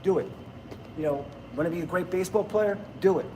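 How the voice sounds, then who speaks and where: A man's voice: high voice, fairly quick, darkish tone, slight background noise. A man, rambling bluntly and laughing often in casual livestream chat with viewers. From New Jersey, USA. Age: 50s. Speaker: livestream host.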